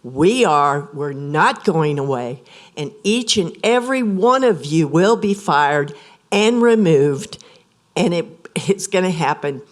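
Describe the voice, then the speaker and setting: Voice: medium pitch, lively intonation, slow. A speaker making an accusatory, stern public comment at a board meeting.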